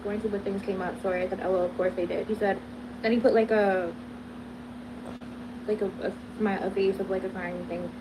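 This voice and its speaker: A woman's voice: medium pitch, fairly even intonation, brisk, pauses often. A young woman recounting a text exchange in casual, exasperated storytelling. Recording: noisy background in the clip.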